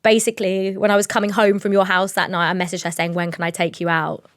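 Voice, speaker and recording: A young woman co-hosting a podcast, telling a story in a rambling, animated way with lots of fillers. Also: mid-range voice, fast talker, no room sound. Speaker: podcast co-host. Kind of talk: casual storytelling chat.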